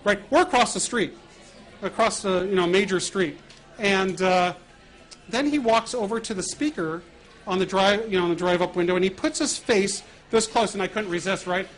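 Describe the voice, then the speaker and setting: A middle-aged American man telling stories in a lively way, acting out prank calls and laughing along. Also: high voice, moderate pace. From United States. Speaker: guest speaker. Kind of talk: storytelling talk.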